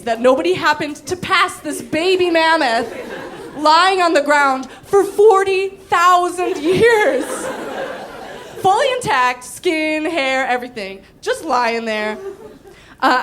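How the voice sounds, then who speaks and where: A woman's voice: sits high, lively intonation, unhurried, a bit bright, a faint crowd. A young woman doing stand-up, telling a story with casual swearing and frequent giggles. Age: young adult. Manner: giggly, breaks into laughter. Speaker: comedian.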